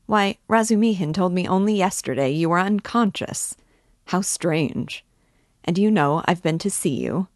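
A woman voicing a cheerful, slightly tipsy young male clerk, chatty and easily surprised, raising her voice higher. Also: animated, measured pace, dry recording, studio quality.

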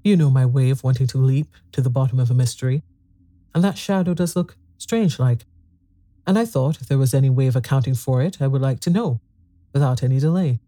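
Reader voicing a brusque brother faking calm, dark dry tone. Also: mid-range voice, brisk, no room sound, lightly acted. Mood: uneasy. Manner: snapping, then falsely pleasant. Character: volatile man with a forced ease, Henry.

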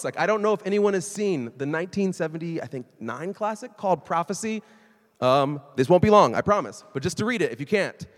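A man preaching a sermon in a conversational, animated way, sometimes acting out quoted voices. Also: on the high side, long reverb tail. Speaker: pastor.

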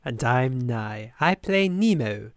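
A man's voice: mid-range voice, expressive, takes it slowly. A man from Britain playing a tabletop game, chatting casually in a sweary, self-mocking way. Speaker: player. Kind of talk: casual chat.

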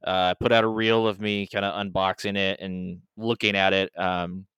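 Casting: man, low-ish clean voice, dry close mic, laid-back podcast chat. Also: normal speed, smooth, no room sound, dull audio. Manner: relaxed, rambling shop talk. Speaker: podcast host. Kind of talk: casual chat.

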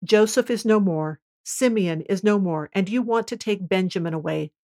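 A woman reading the lines of a grieving old father in a scripture reading, in a solemn, measured way. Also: medium pitch, darkish tone, natural voice. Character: grieving old male patriarch, fearful for his son.

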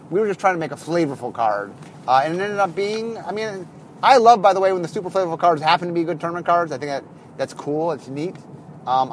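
A man's voice: a little high, no room sound. A man who designs card games, talking through his work in a casual monologue, often restarting and correcting himself mid-sentence.

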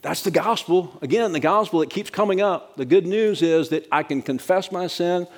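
A man's voice: high-pitched, moderate pace. A middle-aged man preaching a sermon as pastor, talking in a conversational, practical way and checking in with "right?" asides.

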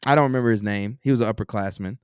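Smooth-voiced man explaining business ideas. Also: on the low side, very fast, dry recording, clean studio sound. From Texas. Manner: energetic, explains with examples and rhetorical questions. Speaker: podcast guest, entrepreneur. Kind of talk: casual podcast interview.

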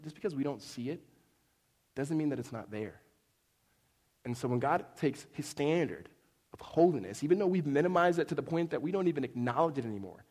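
Conversational male pastor in reverberant hall. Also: on the high side. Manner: conversational, jokey storytelling with many "right?" asides. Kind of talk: sermon.

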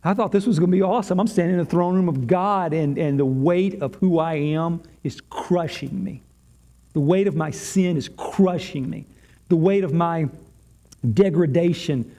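A man's voice: on the high side, normal speed, dark tone, close to an everyday voice. A man playing a grief-stricken prophet who cries out his unworthiness in awe. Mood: anguished. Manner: pleading, repeating cries of unworthiness.

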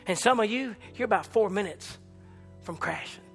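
A man preaching an impassioned sermon, swinging from shouts to hushed tones. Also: lively intonation, normal speed, vocal fry. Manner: impassioned, rising to shouts and dropping low. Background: church organ chords.

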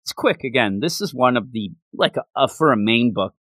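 A man co-hosting a casual chat, animated and excitable, slipping into quoted voices. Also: medium pitch, normal speed, no room sound, studio quality. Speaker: podcast co-host.

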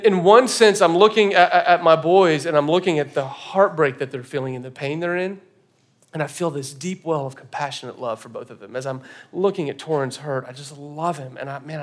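Male pastor, 30s, high-ish voice, animated sermon storyteller. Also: quick pace. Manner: animated storytelling, acting out scenes, swinging from soft to loud. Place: church stage.

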